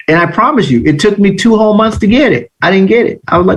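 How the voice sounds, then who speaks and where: A man giving a live online trading lesson, telling animated, slangy stories. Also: sits high, fast talker, hardly any pauses, breathy edge, lo-fi sound. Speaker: trading instructor.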